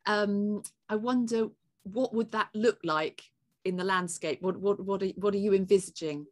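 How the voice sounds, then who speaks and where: A woman's voice: medium pitch, moderate pace, darkish tone. A woman on a judging panel politely asking a follow-up question, in a tentative way with some stumbles.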